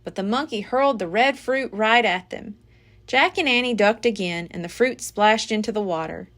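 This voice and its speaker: A woman reading a children's book aloud as a library storyteller, with an expressive, dramatic delivery. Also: mid-range voice, moderate pace.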